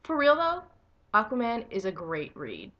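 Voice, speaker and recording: Excitable young woman reviewing comics. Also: a little high, normal speed, dull audio. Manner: excitable, swears freely, squeals with enthusiasm. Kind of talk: casual video review.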